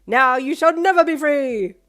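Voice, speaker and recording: A woman voicing a playful, energetic teenage girl who talks loudly and teases. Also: high voice, unhurried, pitched above the performer's own voice. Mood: mock-villainous. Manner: bright, loud and teasing.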